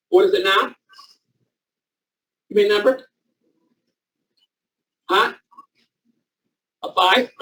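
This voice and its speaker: A man with a high-pitched, fairly bright voice leads a naturopathy training class before a live audience in a training room, coaching volunteers through a live demonstration. He repeats short commands in loose, informal phrasing, captured by a distant mic in a rough recording.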